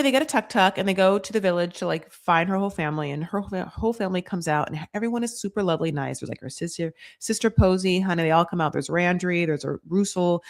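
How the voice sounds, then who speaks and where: A woman from the United States tears through a reality show recap in loose, casual talk. She is blunt, sarcastic and swears freely, piling up fillers and quick asides as she rants. Her voice sits at a middle pitch. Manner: blunt, profane, sarcastic ranting.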